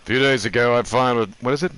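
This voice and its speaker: A man doing animated, joking commentary while streaming a video game and talking to his chat. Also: medium pitch, fast, clear, resonant tone. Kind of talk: gaming commentary.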